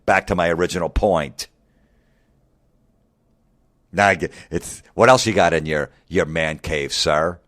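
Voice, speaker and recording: Deep-voiced man ranting with profane mockery. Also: steady tone, measured pace, pauses often, fairly bright tone, no echo, studio quality. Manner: angry, mocking, heavy swearing. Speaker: comedian. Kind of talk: profane comedic rant.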